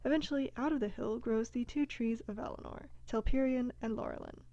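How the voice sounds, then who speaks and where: A woman's voice: on the high side, fairly quick, mellow, no room sound, lo-fi sound. A woman casually retelling a fantasy epic with breezy, slangy humor, as the narrator of a comic video. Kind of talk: casual comedic story retelling.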